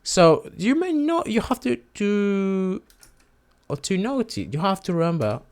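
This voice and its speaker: A man's voice: sits high, very animated, measured pace, a little mellow, smooth. A man whose first language is Spanish teaches a casual lesson, hesitating and repeating words to model pronunciation.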